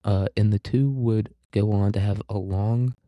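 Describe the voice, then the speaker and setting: A man giving a casual literature lecture in a very dark, mellow voice that sits fairly low. He rambles, jokes crudely and swears freely. The sound is close and dry. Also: steady tone, measured pace, no room sound. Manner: rambling, crude and joking, with profanity. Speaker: podcast host teaching literature.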